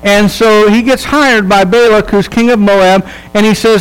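A pastor giving a sermon in a relaxed, humorous storytelling manner, checking in with his listeners and acting out the people in the story. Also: sits high, a little slow, few pauses, clear, resonant tone, low-quality recording. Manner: casual, humorous storytelling with quoted voices; conversational, checks in with the audience.

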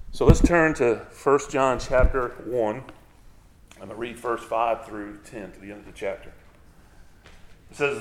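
A male pastor preaching a sermon in a conversational way, now and then slowing down to stress key words emphatically. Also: medium pitch, reverberant.

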